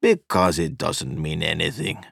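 A man reading an audiobook, voicing a weary, cynical man who speaks flatly and remotely. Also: rumbling low, a little slow, gravelly, dry recording, clean studio sound, exaggerated voice. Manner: tired, flat and remote.

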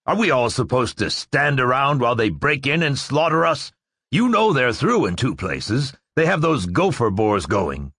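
A man's voice: lowish voice, sing-song, takes it slowly, hardly any pauses, fairly bright tone, breathy edge, dry recording, studio quality, exaggerated voice. A man voicing a tense, commanding director who speaks curtly and sharply, in a storybook reading. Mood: grim.

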